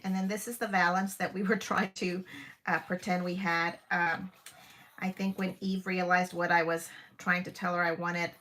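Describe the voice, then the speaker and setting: A fairly bright, lowish female voice belongs to a crafting livestream host in her fifties broadcasting from home. The chat is casual, and she gushes about each piece, exclaiming often and using lots of fillers.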